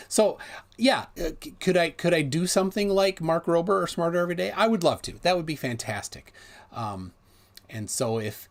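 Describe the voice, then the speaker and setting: A middle-aged man hosting a livestream, talking casually in a rambling, animated way with many restarts. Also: mid-range voice, vocal fry, husky. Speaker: livestream host.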